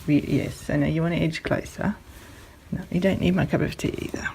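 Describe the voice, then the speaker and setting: A woman vlogging at home, talking gently to her dog and rabbits in a coaxing voice that often rises into a soft high baby voice. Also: steady tone, fairly quick, vocal fry, background noise. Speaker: pet vlogger. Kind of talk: casual vlog talk to pets. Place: home room with pets.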